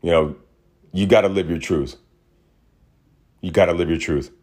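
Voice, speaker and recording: A man hosting a podcast in a small studio, talking in an animated, ranting way that drops to low mutters. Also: moderate pace. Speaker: podcast host. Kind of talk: casual ranting monologue.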